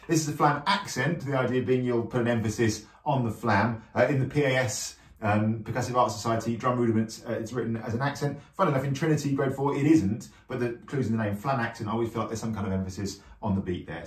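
A man giving a quick drum lesson and counting rhythms out loud as he plays. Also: medium pitch. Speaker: drum teacher. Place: room with a drum kit. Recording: roomy, distant, noisy.

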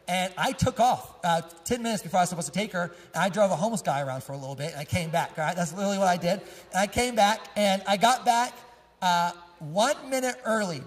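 High, husky-voiced pastor in a reverberant church. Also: male voice. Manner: casual, joking, laughs often while telling stories. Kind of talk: storytelling sermon. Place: church sanctuary. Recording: long echo of a church hall.

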